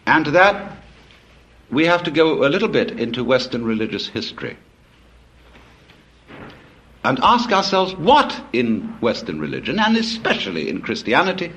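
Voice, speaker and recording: A man's voice: mid-range voice, very animated, normal speed, long pauses, a bit bright. A man giving a public lecture, telling stories in a wry, discursive way with frequent asides.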